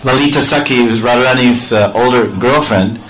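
A man giving a devotional storytelling sermon, playful and animated, acting out sounds and laughing often. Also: mid-range voice, fairly quick, slight background noise, poor audio. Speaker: spiritual storyteller.

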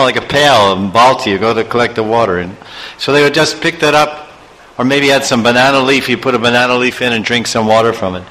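A man's voice: medium pitch, pushed and bright, long reverb tail, low-quality recording. A man teaching a sermon through a story, with chuckling asides and chanted verses. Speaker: spiritual teacher.

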